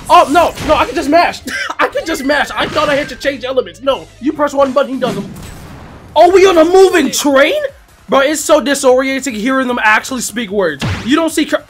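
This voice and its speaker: A man giving excited, slang-heavy commentary on a fighting game as he plays, often shouting and laughing. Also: extremely high pitch, normal speed. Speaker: gaming YouTuber. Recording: loud game music behind the voice.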